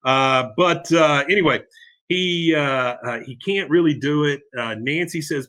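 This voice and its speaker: A middle-aged man recapping a cartoon episode on his podcast, rambling along with plenty of fillers. His voice is bright and forward. He keeps it loose and casual. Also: mid-range voice, lively intonation, normal speed. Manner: rambling, with many fillers and laughs. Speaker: podcast host.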